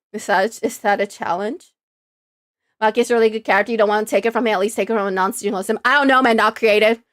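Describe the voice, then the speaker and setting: A woman's voice: on the high side, a bit bright, no echo, studio quality. A woman streamer giving casual, dramatic commentary while playing a game, ranting in exasperation at the story. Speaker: VTuber streamer.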